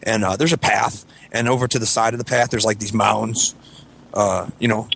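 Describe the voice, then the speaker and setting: A man's voice: on the low side, steady tone, moderate pace, gravelly, a bit bright, slight background noise. A man in his thirties telling a story on a casual podcast, rambling and swearing, acting out voices from the story. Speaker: podcast co-host.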